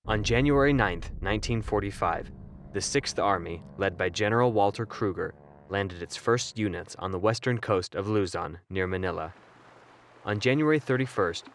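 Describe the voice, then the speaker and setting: Male narrator, lowish voice, measured scripted documentary read, faint noise.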